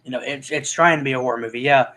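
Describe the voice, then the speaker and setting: A man's voice: mid-range voice, rapid-fire, sharp tone, poor audio. A man reviewing movies in a casual, rambling chat, full of restarts and fillers.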